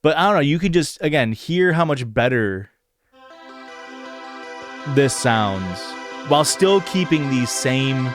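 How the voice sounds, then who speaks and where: A man's voice: mid-range voice, animated, slow pace, long pauses, music in the background. A man hosting a podcast in a casual livestream chat, rambling and hesitant, full of "like" and "um" fillers. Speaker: podcast host.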